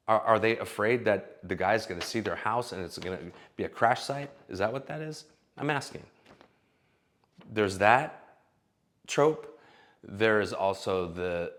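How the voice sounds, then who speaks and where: Man in his forties, low voice, blunt, swears, opinionated dating rant. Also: fairly bright tone. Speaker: vlogger giving dating advice.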